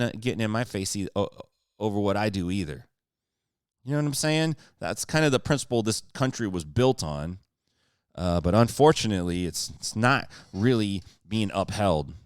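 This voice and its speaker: A man's voice: mid-range voice, clean tone, no echo, studio quality. A man talking on a podcast in a casual, fired-up rant, swearing freely and slipping into sarcastic jokes. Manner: sarcastic joking. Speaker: podcast guest.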